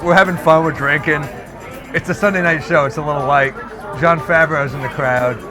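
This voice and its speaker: A man, a stand-up comedian telling a long, self-deprecating story in an animated way. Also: on the high side.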